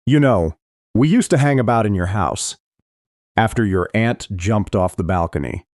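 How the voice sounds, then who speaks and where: A man's voice: lowish voice, expressive, normal speed, darkish tone, dry recording. A man voicing a taunting teenage boy bully in an audiobook, speaking in a mocking tone.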